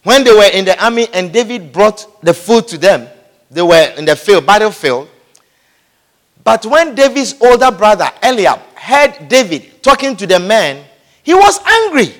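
A man's voice: sits high, very animated, moderate pace, fairly bright tone. A man preaching a sermon, emphatic and repeating his phrases, calling out amen, recorded in an echoey church hall.

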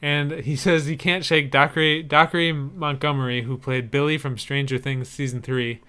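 A man's voice: on the high side, steady tone, normal speed, sharp tone, clear, resonant tone. A man co-hosting a podcast in casual chat, wry and chuckling as he reads out listener emails. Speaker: podcast co-host.

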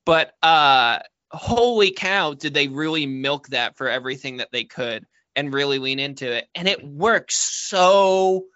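A man co-hosting a casual film-discussion podcast, animated and opinionated, with lots of filler words. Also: fairly high pitch, dry recording, highs cut off. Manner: animated, opinionated, talks fast with many fillers. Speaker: podcast co-host.

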